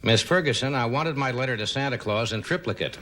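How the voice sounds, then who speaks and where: A man's voice: medium pitch, fairly quick. A man hosting a late-night talk show, telling jokes and stories in a wry, genial way between chuckles. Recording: television broadcast with audience noise. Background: studio audience.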